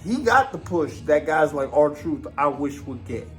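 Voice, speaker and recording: A man's voice: fairly high pitch, animated, measured pace, faint music behind. A man, a former wrestler ranting casually on a podcast, profane and rambling with lots of fillers.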